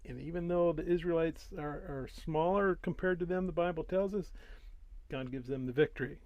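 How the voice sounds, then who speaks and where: A man's voice: on the high side, moderate pace, darkish tone, no room sound. A man hosting a daily Bible reading, talking through the chapters in a casual, folksy way before he reads. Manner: conversational, folksy, with restarts.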